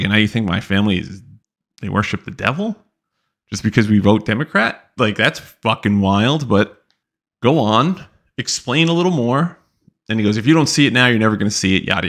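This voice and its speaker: A man's voice: mid-range voice, vocal fry, fairly bright tone. A young man hosting a podcast, casually telling a long story in a rambling, profane, exasperated way. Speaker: podcast host.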